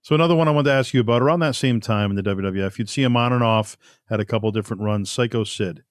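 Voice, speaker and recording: A man hosts a podcast, putting short, relaxed questions to his guest between brief acknowledgments. His voice is fairly low. He is recorded close and dry. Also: quick pace, no room sound. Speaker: podcast host. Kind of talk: casual podcast interview.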